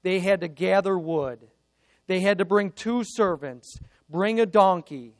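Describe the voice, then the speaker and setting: A man preaching a sermon, retelling a scripture story in an earnest way and moving between emphatic lines and hushed, personal ones. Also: high voice, measured pace, no echo.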